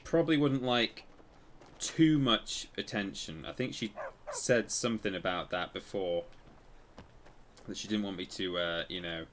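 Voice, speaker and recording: Man, very deep voice, streaming a game, chatty, meandering, stops and restarts. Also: unhurried, a bit bright, slight background noise. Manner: rambling, self-correcting storyteller. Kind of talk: casual live-stream commentary.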